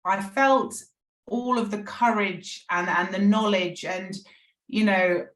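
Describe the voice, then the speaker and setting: A woman's voice: medium pitch, slow pace. A middle-aged woman, a podcast guest telling her recovery story in an earnest, emotional way. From England. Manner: earnest, emotional, frequent restarts. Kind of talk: candid personal recovery story. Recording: echoey room.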